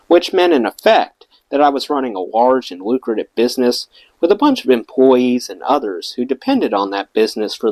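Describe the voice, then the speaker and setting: A man's voice: mid-range voice, darkish tone, no room sound, rough recording. A man reading a rock memoir aloud as an audiobook, giving the quoted lines their own voices. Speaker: audiobook reader.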